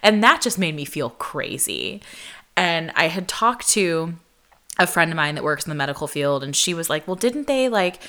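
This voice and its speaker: A woman's voice: deep voice, normal speed. A young adult woman host telling a personal story in a casual, chatty way, heavy on "like" and acted-out quotes. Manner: chatty, animated, lots of "like", acts out quoted voices. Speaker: podcast host.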